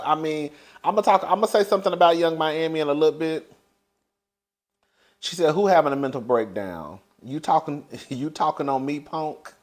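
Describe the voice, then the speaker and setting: A man giving casual, sassy celebrity gossip commentary, laughing often and calling his listeners "girl". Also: mid-range voice. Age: older than young adult.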